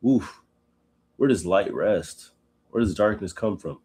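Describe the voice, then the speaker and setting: A man hosting a live Bible study, reading scripture slowly and breaking off into casual, animated asides. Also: fairly low pitch. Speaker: host.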